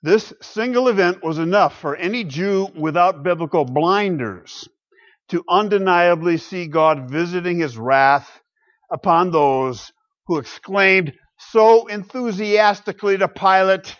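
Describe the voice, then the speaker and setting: A man preaching a sermon, emphatic, swinging between loud exclamations and quiet low asides. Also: unhurried, muffled recording.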